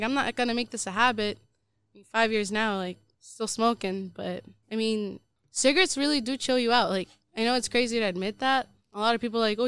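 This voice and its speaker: A woman's voice: a little high, fairly bright tone, clean tone, no room sound. A woman on a podcast telling a personal story in casual chat, rambling with lots of fillers. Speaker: podcast co-host.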